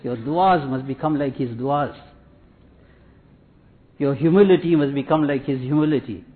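A man giving a sermon in a measured, repetitive preaching cadence, telling anecdotes. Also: mid-range voice. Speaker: Islamic preacher. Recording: tinny phone-like audio.

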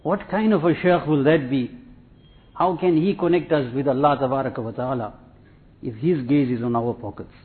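A man preaches a sermon with a steady, repetitive teaching cadence, his voice at an ordinary middle pitch. The sound is thin and tinny, like it came over a phone line. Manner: measured, repetitive teaching cadence with Arabic and Urdu religious terms. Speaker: Islamic preacher.

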